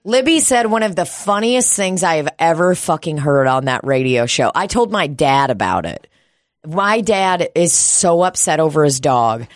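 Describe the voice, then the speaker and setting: A woman's voice: deep voice, lively intonation, moderate pace, dry recording, clean studio sound. A woman co-hosting a podcast, telling stories in casual chat and acting out what others said, with plenty of swearing. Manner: storytelling, swearing, acting out quotes. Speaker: podcast co-host.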